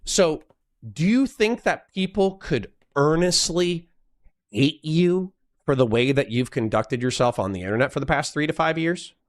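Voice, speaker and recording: A man's voice: a little high, lively intonation, unhurried. A man questioning someone in a confrontational, insistent, pressing manner during a heated argument. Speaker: interviewer.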